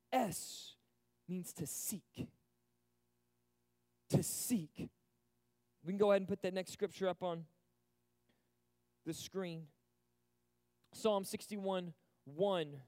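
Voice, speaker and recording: A young man preaching an animated sermon to a church youth group, swinging from loud bursts to hushed moments. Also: high voice, no echo. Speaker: youth pastor. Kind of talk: energetic sermon. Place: church service stage.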